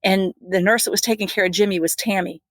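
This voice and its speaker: A woman's voice: medium pitch, quick pace, no echo. Woman telling her story. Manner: earnest, animated storytelling with laughs. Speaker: podcast guest, critical care nurse. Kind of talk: personal storytelling interview.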